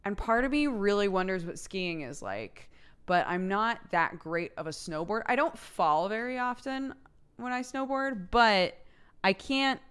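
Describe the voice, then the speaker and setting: A woman's voice: mid-range voice, expressive, unhurried, fairly bright tone, smooth. A young woman streamer chatting casually late at night with her viewers, laughing often and reading chat aloud.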